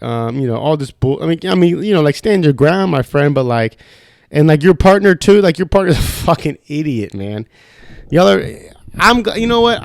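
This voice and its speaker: A man's voice: on the high side, vocal fry, clear, resonant tone, no room sound, clean studio sound. A young man hosting a podcast alone, rambling in a heated, profane, casual way. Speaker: podcast host. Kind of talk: casual solo podcast rant.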